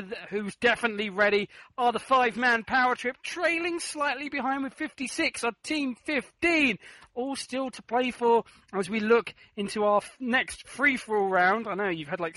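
A man's voice: high voice, sharp tone, no echo, rough recording. A man hosting a comedic panel quiz show, joking and teasing the panelists as he runs the rounds. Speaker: quiz host.

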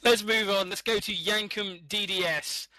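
A man runs a casual online game, chatty and quick to break into laughter. His voice sits high and bright. The sound is close and dry, like a headset mic. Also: steady tone, no room sound. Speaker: game host.

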